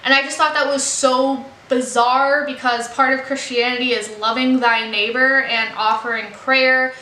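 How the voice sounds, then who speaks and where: A young woman gives a chatty, earnest film review, her voice high and bright. She fills her talk with casual fillers, and the recording has a noticeable roomy echo. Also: level tone, moderate pace. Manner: chatty, earnest, many "like" and "you know" fillers. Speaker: movie reaction vlogger.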